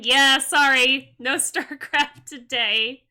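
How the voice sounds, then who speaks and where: A woman's voice: fairly high pitch, lively intonation, moderate pace, bright, forceful tone. A woman streamer giving live commentary on a game, sarcastic, reading options and chat messages aloud.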